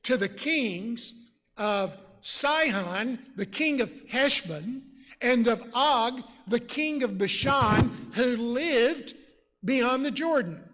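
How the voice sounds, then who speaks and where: Crafty weary-looking envoys, as a preacher puts them on, slow pleading speech, high male voice, long church reverb. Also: animated, fairly bright tone, heavily acted.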